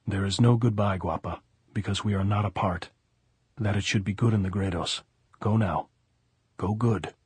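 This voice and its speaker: A man reading the part of a calm, resolute wounded American man who speaks firmly and gently. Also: fairly low pitch, normal speed, pauses often, husky, no room sound. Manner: calm and firm, gently commanding.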